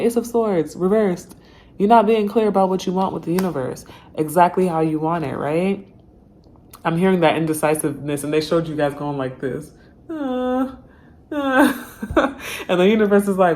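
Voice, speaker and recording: Low-voiced chatty woman reading tarot. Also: normal speed, darkish tone, slight background noise. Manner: chatty, slangy, talks straight to viewers. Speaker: tarot reader. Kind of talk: casual tarot reading to camera.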